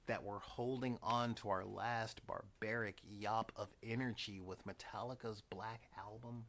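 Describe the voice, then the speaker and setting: A man's voice: lowish voice, fairly bright tone, a little hiss or hum. A man in his forties talking casually as host, with wry, dramatic, sighing asides. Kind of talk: casual rambling monologue.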